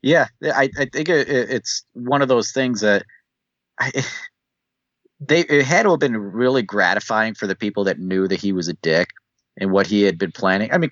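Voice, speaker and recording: A man's voice: lowish voice, a bit bright, no room sound. A man co-hosting a casual chat, speaking in an easygoing, thoughtful way. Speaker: podcast co-host. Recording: dull, dry lo-fi mic.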